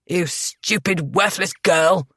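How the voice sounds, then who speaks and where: A woman voicing a burly, furious middle-aged uncle who shouts harsh threats. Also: on the low side, slow pace, no room sound, studio quality, exaggerated voice.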